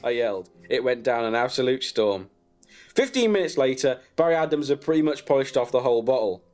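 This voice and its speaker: A man narrating a comic story in a deadpan way, chuckling at his own jokes. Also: mid-range voice, brisk, soft background music. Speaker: comedian storyteller.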